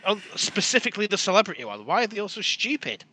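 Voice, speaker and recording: A British man co-hosting a podcast, ranting and swearing in casual banter, quick to laugh. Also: sits high, big pitch swings, sharp tone, slight background noise. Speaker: podcast co-host.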